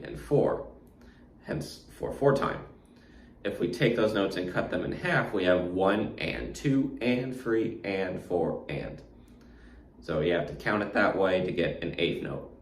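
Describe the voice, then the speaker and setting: A guitar instructor with a very low, deep voice talks through a lesson, counting beats aloud and explaining as he plays. He is recorded in an echoey room with a faint hiss behind him. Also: distant mic.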